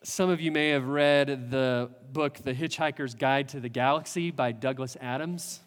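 A man preaching a sermon as a pastor, earnest, building with rhetorical questions and pauses. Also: mid-range voice, in a large hall.

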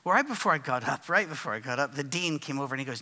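A man's voice: medium pitch, expressive, rapid-fire, hardly any pauses, pushed and bright, big-room sound. A man preaching and answering written questions from the audience, in a conversational storytelling way with fillers and restarts.

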